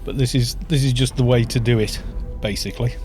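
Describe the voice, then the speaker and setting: A man's voice: mid-range voice, steady tone, fairly quick, a little mellow, faint music behind. A man with a Welsh accent casually explaining game tactics to his live-stream chat. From Wales.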